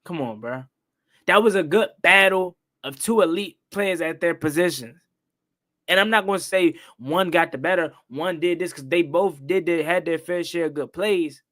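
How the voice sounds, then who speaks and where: A young man hosting a live-stream football recap, excitable and repetitive, ranting and questioning the calls. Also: fairly high pitch, normal speed. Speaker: sports talk host.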